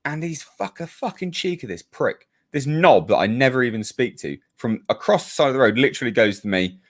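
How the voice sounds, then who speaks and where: A British man chats on a live stream, reading out viewer comments and launching into a heated, swear-filled rant. His mid-pitched voice swings widely, leaping up high when he acts out what he told people. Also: fairly quick, few pauses. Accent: British English. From United Kingdom. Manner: ranting, profane, animated storytelling. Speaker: YouTube reviewer hosting a live hangout.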